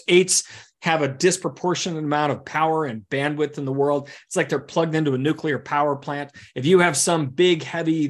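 A man coaching a group through a teaching session, lively and full of quick asides. His voice sits a bit on the high side for a man. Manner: animated, with vivid analogies and asides. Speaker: executive coach. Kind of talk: teaching workshop talk.

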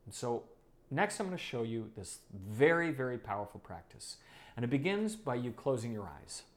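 A man's voice: mid-range voice, very animated, normal speed. A man teaching a leadership course module, emphatic and fond of repeating phrases for effect. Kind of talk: online course lesson.

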